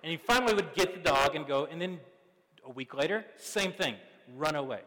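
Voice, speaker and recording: Animated man preaching in a reverberant hall. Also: on the high side, a little fast. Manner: conversational and animated, with many fillers and asides. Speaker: pastor. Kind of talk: sermon.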